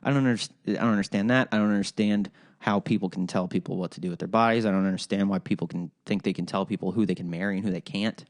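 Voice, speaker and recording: A man's voice: fairly low pitch, fairly even intonation, fast talker, hardly any pauses. A man hosting a solo podcast, ranting in a rambling, profane way with frequent restarts. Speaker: podcast host.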